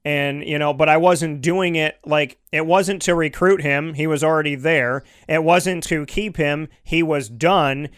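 Smooth-voiced talk show host. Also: male voice, a little high, unhurried, few pauses, no echo, studio quality. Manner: animated, rambling, with frequent restarts and "you know". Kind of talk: opinionated sports talk. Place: home studio. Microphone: studio microphone.

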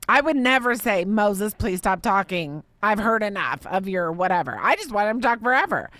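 A woman in her thirties speaks on her faith podcast in a heartfelt, meandering monologue. Her voice sits at a middle pitch and sounds dry and close, with no room around it. She circles back and leans on fillers as she gets emotional. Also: big pitch swings, normal speed, fairly bright tone, dry recording. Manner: emotional, rambling storytelling with many fillers. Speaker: podcast host.

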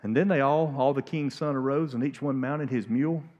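A man preaching a sermon in a church, emphatic, swinging from hushed to loud and pleading. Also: mid-range voice, brisk, highs cut off. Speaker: pastor. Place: church sanctuary.

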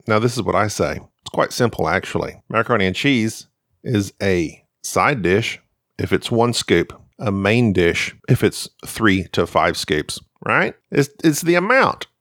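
Guy doing a goofy podcast bit solo, lowish voice, dry sound. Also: no echo. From United States. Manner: jokey, deadpan self-mocking. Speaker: podcast host. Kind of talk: comedic podcast monologue.

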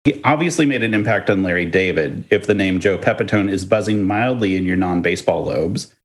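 A man co-hosting a podcast, chatting casually and telling stories in a playful, lively way with chuckles. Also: low voice, a little fast. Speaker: podcast co-host.

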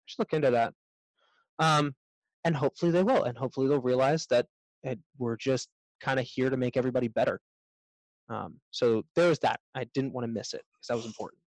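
A man's voice: mid-range voice, quick pace, no echo, poor audio. A man, a self-defense instructor, speaking as a guest in a casual interview, thoughtful and a bit rambling.

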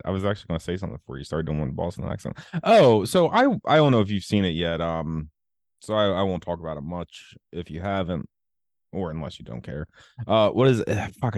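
A man's voice: sits low, darkish tone, dry recording, studio quality. A man hosting a podcast in casual chat, rambling and profane with many fillers. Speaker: podcast host.

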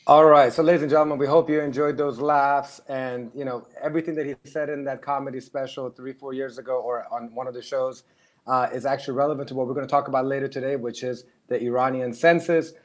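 A man hosting a casual online interview show over a video call, warm and friendly toward his guest. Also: mid-range voice, fairly even intonation, quick pace. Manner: warm and friendly, praises the guest, chuckles often. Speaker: host.

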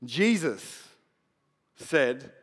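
A male pastor preaching a sermon in a conversational way, with soft asides that build to emphatic declarations. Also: mid-range voice, sing-song, extremely slow, slightly rough. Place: church hall. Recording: long hall reverb.

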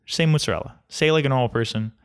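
A man's voice: mid-range voice, rapid-fire, clean tone. A young man ranting in a casual comedic monologue, grumpy and mocking. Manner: grumpy, ranting, mocks mispronunciations.

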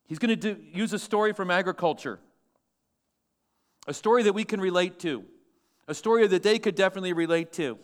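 Guy preaching in church, kinda high voice, punchy and asks the crowd stuff. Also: fairly quick, long pauses. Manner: emphatic preaching, asks the congregation questions. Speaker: pastor. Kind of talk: sermon.

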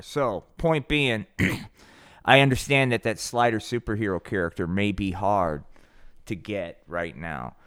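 A man's voice: fairly low pitch, smooth, dry recording, studio quality. A man hosting a podcast, improvising a comic puppet show and chatting in a loose, profane, rambling way. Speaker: podcast host.

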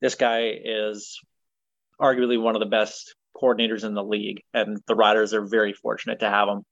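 A man's voice: lowish voice, little pitch movement, a bit bright, dry recording. Man, sports podcast host, opinionated, muffled dry recording. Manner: opinionated, brisk segment-leading delivery. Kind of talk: casual sports chat. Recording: dull, dry sound.

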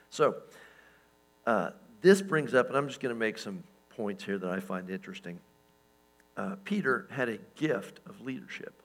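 A man pastor giving a sermon in a relaxed, conversational way, with lots of fillers and restarts and chuckles at his own stories. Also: lowish voice, low-quality recording.

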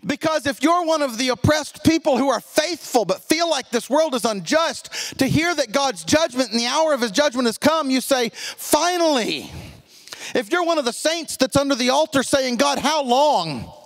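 High-voiced emphatic male preacher. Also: a little fast, few pauses, fairly bright tone. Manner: emphatic, drops low for key points. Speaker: pastor. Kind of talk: sermon. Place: church.

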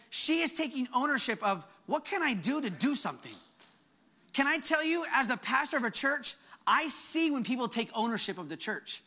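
A male pastor preaching a conversational sermon, breaking off and restarting his sentences and jumping up high when he acts out quoted lines. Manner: animated, voice jumps high when acting out quotes; conversational, self-interrupting.

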